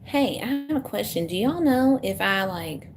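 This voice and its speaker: A woman's voice: medium pitch, expressive, moderate pace. A woman, chatting casually to viewers on a live stream as a tarot reader, talking to herself and joking about her own struggles with technology. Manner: chatty, self-deprecating, talks to herself while fixing tech.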